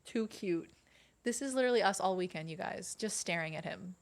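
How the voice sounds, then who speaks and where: A woman's voice: fairly low pitch, a little fast. A woman streaming a game in casual, chatty commentary, now and then cooing baby talk at her kitten.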